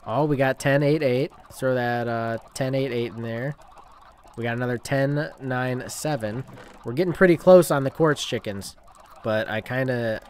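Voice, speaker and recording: A man narrates his own gameplay in a loose, self-talking way, counting and planning aloud. His voice sits at an ordinary middle pitch. Now and then he breaks into playful mock outrage. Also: slight background noise. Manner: chatty, talks to himself, bursts into mock rage. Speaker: gaming channel host. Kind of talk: casual let's-play commentary.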